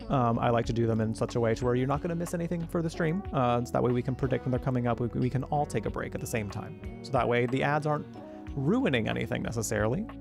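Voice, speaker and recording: A man's voice: mid-range voice, gravelly. A young man livestreaming a game, chatting and joking with his chat in a casual, filler-heavy way.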